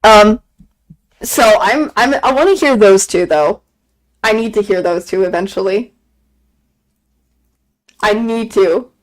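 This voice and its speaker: A woman streaming a game and chatting casually, gushing excitedly, repeating herself and laughing often. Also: mid-range voice, slow, pauses often, low-quality recording. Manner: excited gushing fan talk, frequent laughs and repeated phrases. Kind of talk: casual chat on a live stream.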